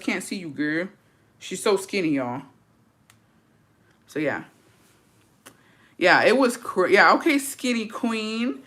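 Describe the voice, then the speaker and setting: Young woman streamer, crisp bright tone, cussing, gossipy, slips into spanish. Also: mid-range voice, lively intonation, slow pace, pauses often. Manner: profane, gossipy, mixes in Spanish words. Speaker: livestream host. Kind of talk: casual livestream chat reading comments.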